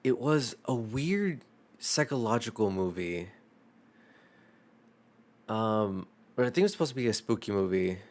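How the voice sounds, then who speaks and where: A young man on stream talks in a low-pitched voice, drifting from point to point with plenty of filler. His tone is self-deprecating and loose, and he swears freely as he chats. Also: expressive, unhurried, long pauses, darkish tone. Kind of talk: casual chat.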